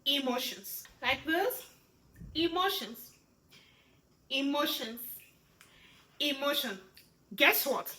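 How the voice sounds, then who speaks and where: Bright high-voiced woman teaching signs. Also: slow, pauses often, roomy sound, poor audio. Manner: expressive, often asks "right?". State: pregnant. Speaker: sign language teacher. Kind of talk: instructional lesson.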